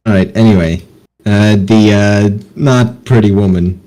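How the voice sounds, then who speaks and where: Man, game master, deep voice, hesitant casual narration. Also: darkish tone, poor audio.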